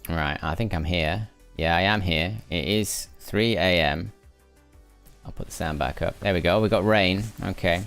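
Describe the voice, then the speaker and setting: A middle-aged man with a northern English accent, its edges softened into a mixed blend, talks through a game as he plays. His voice sits deep and low, and he muses aloud, answering viewers between moves. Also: measured pace, creaky, clear, resonant tone, faint music behind. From Lancashire, England. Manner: musing aloud, chatting with viewers while playing. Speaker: gaming streamer. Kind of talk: live gameplay commentary.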